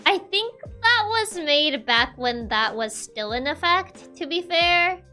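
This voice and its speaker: A woman's voice: very high voice, lively intonation, takes it slowly, sharp tone, soft background music. A woman chatting casually with her viewers on a livestream, giggling often between remarks. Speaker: virtual streamer.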